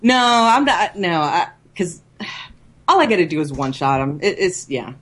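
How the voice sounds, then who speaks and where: A woman's voice: fairly low pitch, expressive, normal speed, fairly bright tone. A woman co-hosting a podcast, telling rambling game stories in casual chat, chatty and giggly. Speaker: podcast co-host.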